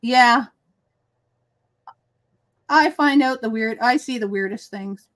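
Woman, high voice, chatty, rambling, casual crafting livestream host. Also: fairly bright tone. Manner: chatty, rambling, quick asides. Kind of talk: casual chat while crafting.

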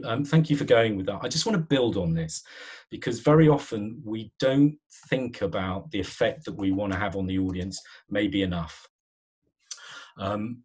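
A man with a low, somewhat husky voice leads an online webinar about presenting. He talks in a relaxed, conversational way, often pausing on "um" and restarting his sentences as he walks through his slides. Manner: conversational, many fillers and restarts.

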